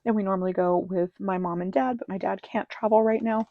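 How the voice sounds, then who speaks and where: A woman's voice: mid-range voice, fairly even intonation, a little fast, narrow, tinny audio. A woman talking casually through her monthly cash budget, rambling with many ums and counting bills under her breath. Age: adult with children. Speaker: budgeting vlogger. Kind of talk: casual cash-stuffing walkthrough.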